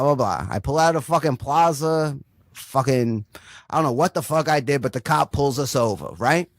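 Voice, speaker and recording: A young man tells a loose, profane stand-up story with a somewhat high voice, tossing in "right?" every few lines. The sound is dry and close, with no room echo. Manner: rambling, swears constantly, says "right?" often. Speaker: stand-up comedian.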